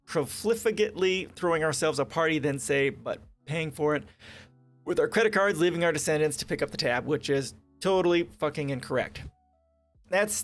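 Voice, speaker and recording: A man hosting a casual political livestream, reading articles aloud and breaking off into sarcastic, profane rants. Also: fairly high pitch. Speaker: livestream host. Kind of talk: casual political commentary stream.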